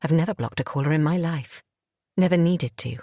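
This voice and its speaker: Low, husky woman narrating. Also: a little fast, dark tone, no room sound, studio quality. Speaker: audiobook narrator. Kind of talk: scripted first-person narration.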